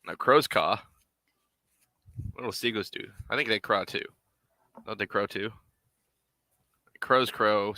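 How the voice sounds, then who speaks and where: A man's voice: on the low side, takes it slowly, long pauses, pushed and bright, dry recording. A man making a puppet on a live stream, rambling casually and half to himself as he works. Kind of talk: casual live-stream chat while working.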